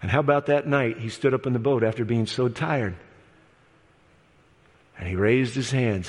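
A man preaching an evangelistic sermon in an auditorium, moving between loud storytelling and hushed appeals. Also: mid-range voice, normal speed, pauses often, husky. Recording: long hall reverb.

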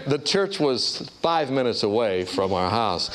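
A man preaching a storytelling sermon, acting out the voices of the people in his stories. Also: a little slow. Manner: animated storyteller, acts out voices with big pitch jumps.

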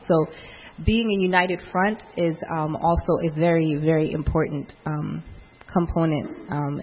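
A woman with a husky voice speaks about marriage and raising children in a church talk. She talks calmly and in a measured way, pausing often, and the sound is somewhat dull. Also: sits low. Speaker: mother speaking alongside her husband.

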